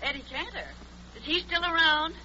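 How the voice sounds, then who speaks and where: A woman's voice: high-pitched, normal speed. A woman trading teasing wisecracks as a guest on a 1940s radio comedy show. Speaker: guest actress. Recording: dull old radio broadcast with faint hiss.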